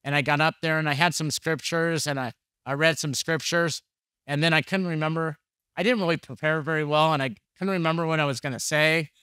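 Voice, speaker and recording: A man's voice: fairly high pitch, steady tone, brisk, bright, forceful tone, clear, resonant tone, dry recording, clean studio sound. A man preaching a conversational sermon, telling candid, jokey stories and acting out the dialogue. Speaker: pastor.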